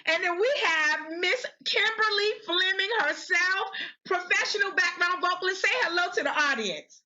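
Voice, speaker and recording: A woman's voice: very high-pitched, expressive, normal speed, pushed and bright, muffled recording. A woman hosting an online music panel, effusive and exuberant, often repeating her phrases. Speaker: panel host. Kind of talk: enthusiastic live panel hosting.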